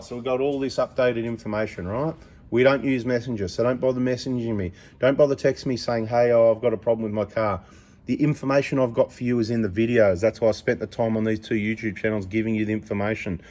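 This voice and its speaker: This middle-aged man sells parts and works as a mechanic, and he speaks casually to the camera in a blunt, rambling vlog style. His voice sits in the mid range and sounds mellow.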